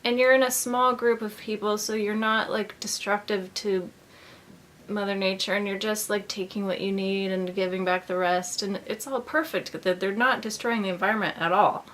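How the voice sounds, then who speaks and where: A woman's voice: medium pitch, steady tone, moderate pace, a bit bright, slight background noise. A woman vlogger talking in a casual, rambling monologue full of "like".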